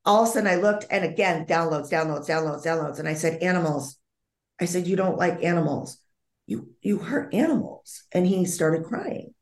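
A woman's voice: lowish voice, lively intonation, moderate pace, roomy sound. A woman being interviewed as a psychic medium, telling a story vividly, acting out the dialogue and often restarting her sentences.

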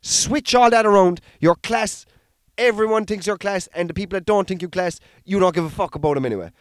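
A young Irish comedian talking in a casual, rambling, sweary podcast monologue. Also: male voice, high-pitched, brisk. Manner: sweary, rambling, self-deprecating.

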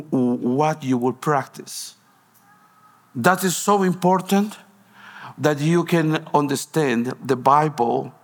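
A man from Guatemala, a pastor preaching a sermon in a storytelling way, with broken phrasing and frequent restarts. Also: medium pitch.

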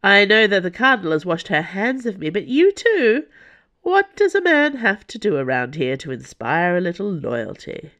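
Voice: medium pitch, huge pitch swings, moderate pace, a bit bright, pitched above the performer's own voice. The narrator voicing an arrogant rogue captain with theatrical indignation. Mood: indignant.

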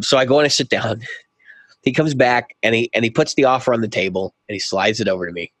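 A man's voice: on the low side, a bit bright, dry recording. A middle-aged man co-hosting a casual podcast, animatedly acting out both sides of a conversation as he tells a story. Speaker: podcast co-host.

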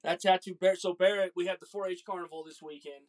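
Father host, casual and animated, loves a comic anecdote. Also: high-pitched, quick pace. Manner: animated, jokey, acts out voices in stories. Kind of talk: casual storytelling chat.

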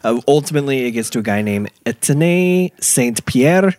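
A man's voice: medium pitch, lively intonation, moderate pace, a little mellow, no room sound, studio quality. A man hosting a casual podcast chat, telling a crime story with lots of laughs and fillers. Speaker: podcast host.

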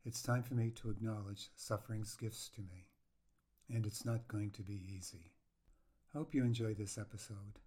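A man's voice: lowish voice, fairly even intonation, normal speed, mellow, husky. A man hosting a podcast, reading his personal story of grief in a reflective, earnest way. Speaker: podcast host.

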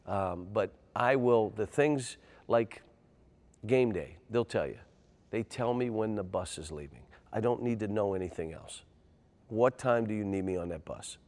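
An older man, a basketball coach, telling animated stories in an interview and getting loud and excitable. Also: fairly low pitch, measured pace. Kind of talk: interview storytelling.

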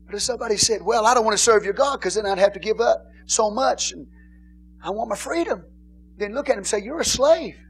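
A male pastor preaching an informal sermon in a church, bantering and laughing with the congregation and rising to shouted emphasis. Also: high-pitched, fast, breathy edge. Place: church sanctuary.

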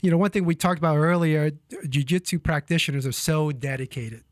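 Upbeat podcast guest, slightly high voice. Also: male voice, brisk, no echo, studio quality. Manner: easygoing, upbeat, uses "you know" a lot. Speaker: guest, marketing business owner. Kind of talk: casual chat.

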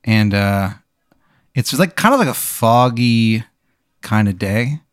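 A young man hosting a comedy podcast, telling an improvised absurd story with deadpan delivery. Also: on the low side, takes it slowly, no echo, clean studio sound. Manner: deadpan, building absurd scenarios.

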